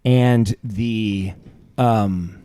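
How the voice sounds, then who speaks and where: A man's voice: lowish voice, fairly even intonation, drawn-out words, mellow, clear, resonant tone, dry recording, clean studio sound. A man co-hosting a podcast, bantering casually and playing stories for laughs with silly voices. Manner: jokey, hums tunes and does silly voices in his stories. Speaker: podcast co-host.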